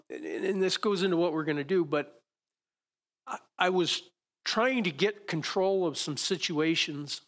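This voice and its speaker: A man with a fairly high pitch and fairly bright tone preaches to his congregation from the church stage. His sermon includes a live demonstration, and he keeps it conversational, often starting sentences over as he coaches the volunteers.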